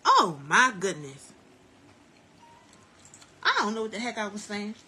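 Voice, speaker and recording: A woman hosting a live stream from home while doing hair, giving chatty, preachy life advice in a lively, down-to-earth way. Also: mid-range voice, a little slow, husky. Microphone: phone live stream.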